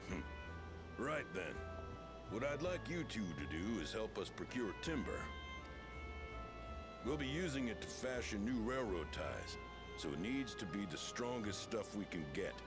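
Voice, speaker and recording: An actor playing a grizzled, gruff railway engineer with a Southern US drawl. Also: male voice, lowish voice, sing-song, unhurried, pauses often. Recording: game audio with loud background music.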